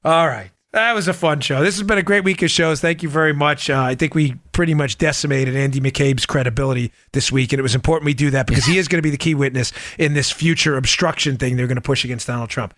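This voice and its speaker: A man hosting a political talk podcast, ranting in an animated, mocking way with quick asides. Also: fairly high pitch, dry recording, studio quality. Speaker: podcast host. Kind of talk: political talk show monologue.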